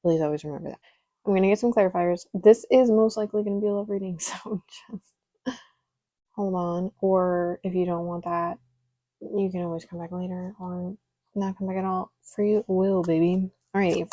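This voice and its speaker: A woman's voice: lowish voice, fairly even intonation, a little fast, warm tone, dry recording. A young woman doing a casual, chatty tarot reading, candid and a little exasperated, with frequent ums and laughs. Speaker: tarot reader.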